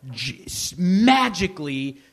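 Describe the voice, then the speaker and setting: A man guesting on a live podcast, telling stories in a loose, profane and animated way. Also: high-pitched, slow, gravelly. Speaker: guest, former radio cohost. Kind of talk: casual live podcast chat. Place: live venue before an audience.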